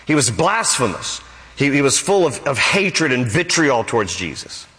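Bright, emphatic male preacher. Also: high-pitched. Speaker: pastor. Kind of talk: sermon. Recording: echoey church hall.

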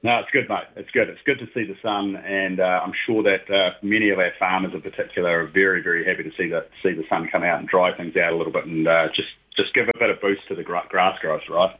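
A man's voice: sits low, steady tone, fast, hardly any pauses. Chatty man on a phone line. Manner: chatty, rambling, many fillers. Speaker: regular guest, heritage train operator. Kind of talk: casual radio chat.

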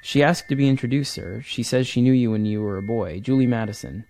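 A man reading aloud a loyal, formal older butler who gently chides his young master. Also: medium pitch, fairly quick, lightly acted. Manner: formal, calls him sir. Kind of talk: reading a comic script aloud.

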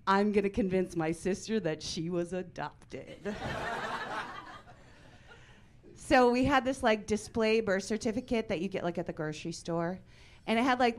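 A woman in her forties performing a stand-up comedy set on a club stage, deadpan with sudden loud punchlines. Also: medium pitch, moderate pace, slight background noise.

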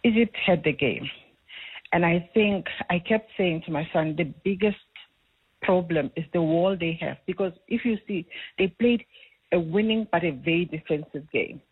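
A middle-aged woman calling a radio show, animated and talkative as she tells her story. Her husky voice comes through a thin, tinny phone line. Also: on the low side, moderate pace, no room sound. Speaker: caller. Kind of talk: phone-in chat. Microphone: telephone.

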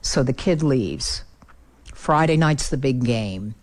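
A middle-aged woman speaking as a guest, telling a heartfelt story in an earnest way and dropping her voice low for the sad parts. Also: expressive, slow pace. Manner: earnest, builds emotion, drops low for sad moments.

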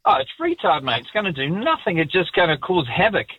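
A man's voice: sits high, wildly swooping pitch, a little fast, slightly rough, dry recording. A man with a New Zealand accent calling in to a radio show, blunt and matey, saying "mate" again and again. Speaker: caller, chef. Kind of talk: phone-in call. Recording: muffled phone line.

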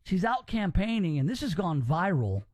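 Animated man hosting talk radio. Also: high-pitched, normal speed, dry recording. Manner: animated, wry, with many restarts. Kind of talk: casual talk radio commentary.

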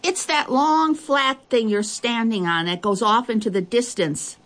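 A woman's voice: fairly low pitch, very animated, fairly quick, creaky, husky, full character voice. A woman voicing an eager little girl in a storybook, calling out help and directions. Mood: shouting. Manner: shouting, helpful.

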